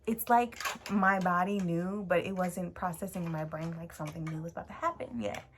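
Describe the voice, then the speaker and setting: A woman's voice: fairly low pitch, fairly even intonation, a little fast. A young woman vlogger telling a story in a casual, emotional way, with lots of fillers and casual swearing. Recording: clear background noise.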